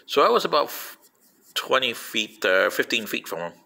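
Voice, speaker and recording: A native Spanish-speaking man tells stories to an audience, often turning to them with direct asides. His bright, edged, gravelly voice is animated, jumping upward in pitch whenever he emphasizes a point. He speaks at normal speed.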